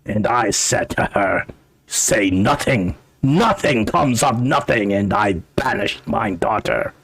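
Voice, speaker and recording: A man's voice: lowish voice, expressive, slow, vocal fry, a bit bright, husky, voice pushed down, heavily acted. A man voicing a mad old male dwarf who believes he is a king, speaking in archaic, theatrical lament.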